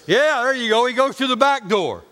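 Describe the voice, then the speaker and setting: A man's voice: very high-pitched, animated, a little fast, sharp tone, big-room sound. A man preaching a sermon in a homespun, colloquial way, telling stories and talking to the congregation. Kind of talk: folksy storytelling sermon.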